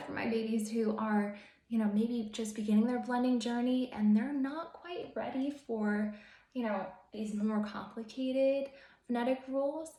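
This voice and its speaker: A woman's voice: on the high side, darkish tone. A young adult woman teacher hosting an upbeat instructional video, cheerful and encouraging with sing-song emphasis. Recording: echoey room.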